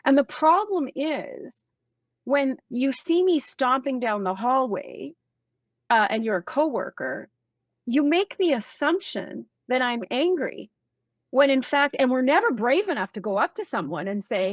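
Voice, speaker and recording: A woman speaking as a guest expert in a casual interview, animated and emphatic, acting out bits of office dialogue. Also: fairly high pitch, normal speed, no echo, clean studio sound.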